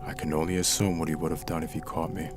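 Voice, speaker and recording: A man's voice: very deep voice, flat delivery, quick pace, over music. A man narrating true scary stories in the first person, reading them dramatically. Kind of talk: scripted horror story narration.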